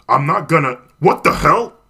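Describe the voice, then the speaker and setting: A man voicing a loud, brawny male thug who jeers and sneers. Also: mid-range voice, moderate pace, natural voice. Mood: shocked. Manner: sneering, jeering.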